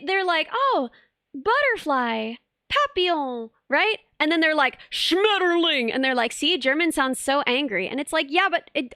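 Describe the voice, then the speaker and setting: A young woman with a high, bright-pitched voice chats casually on a live stream, talking to her viewers. She rambles and restarts her sentences often. The sound is dry and close, with no room echo. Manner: rambling, animated, many restarts and "like".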